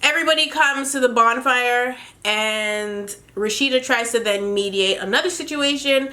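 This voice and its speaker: A woman's voice: a little high, moderate pace, pushed and bright. A young woman from Jamaica casually recapping a reality show, chatty and opinionated, laughing as she retells scenes.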